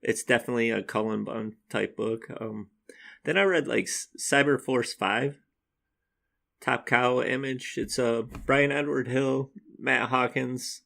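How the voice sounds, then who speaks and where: A man's voice: medium pitch, fairly even intonation, measured pace, vocal fry, pushed and bright. A man co-hosting a podcast in casual chat, rambling and upbeat and laughing easily as he talks. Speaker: podcast co-host.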